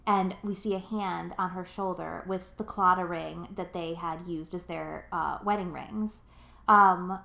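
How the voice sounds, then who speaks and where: In a roomy, echoing recording, a woman in her twenties co-hosts a podcast, chatting casually in a rambling way full of fillers, swearing freely and getting emotional. Her voice is lowish, bright and forceful, with vocal fry, fairly even intonation and a slightly slow pace.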